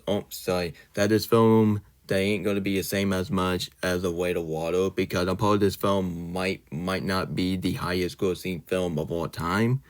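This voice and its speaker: A man's voice: low voice, a little mellow. A man hosting his own channel, ranting indignantly in a casual vlog style, loosely worded and full of fillers. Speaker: channel host.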